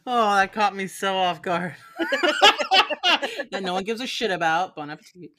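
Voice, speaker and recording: A woman's voice: medium pitch, normal speed, fairly bright tone. A woman chatting casually on a podcast, sarcastic, laughing often and swearing lightly. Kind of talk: casual chat.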